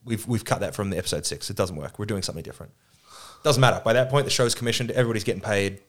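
A man's voice: fairly low pitch, racing, a bit bright. A man chatting on a podcast at a table, a film producer who swears freely and tells stories with acted-out quotes. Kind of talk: casual podcast chat. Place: around a table with two others.

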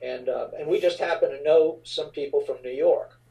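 A middle-aged man from the New Orleans area, a rock frontman telling stories in an interview, relaxed and rambling with many fillers. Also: a little high, moderate pace, recorded from a distance, rough recording. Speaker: rock band frontman, guest. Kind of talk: casual interview storytelling.

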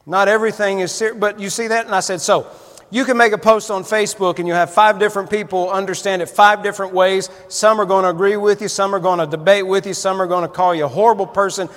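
Speaking fast with fairly even intonation, a male preacher whose voice sits high for a man delivers a folksy, story-driven sermon that rises to fervent emphasis. His fairly bright tone rings out with long reverb in a big church hall.

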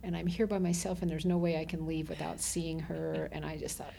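A middle-aged woman from Southern Nevada, a guest telling animated stories in casual conversation with frequent laughter. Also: low voice, brisk, gravelly. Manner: animated storyteller who laughs often. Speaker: interview guest. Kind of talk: casual storytelling.

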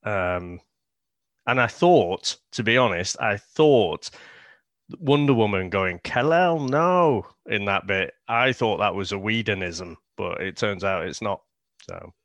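Un uomo con britannico che parla di film in un podcast, esitante e pieno di ripetizioni. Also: male voice, fairly low pitch, measured pace, a bit bright, no room sound. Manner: hesitant, repeats words. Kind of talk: casual film podcast chat.

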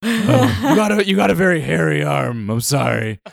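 A man's voice: fairly high pitch, very animated, moderate pace, creaky, dry recording, studio quality, exaggerated voice. A man improvising a bumbling, self-pitying Batman who rambles awkwardly and keeps apologizing. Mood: flustered.

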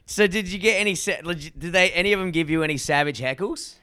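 Aussie podcast co-host, joking and profane, bright tone. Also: male voice, high voice, fast, clean tone. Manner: profane, joking, asks questions. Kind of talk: casual chat.

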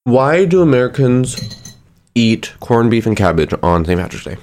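A woman's voice: rumbling low, big pitch swings, normal speed, a little mellow, slight background noise. A woman co-hosting a podcast in casual chat, playfully echoing the others' lines. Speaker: podcast co-host.

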